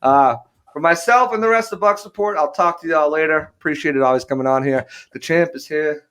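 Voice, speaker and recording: An upbeat man chats on a casual sports podcast, his voice a little high and smooth. He rambles through plugs with easygoing fillers. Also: a little fast, a bit bright. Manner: upbeat, self-promoting sign-off with many "uh" fillers. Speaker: podcast co-host.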